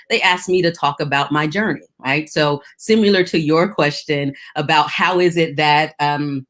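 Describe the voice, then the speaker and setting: A woman in her fifties, a guest on a faith talk show, telling her story with lively acted-out quotes. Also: low voice. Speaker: guest speaker. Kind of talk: testimony in a faith interview.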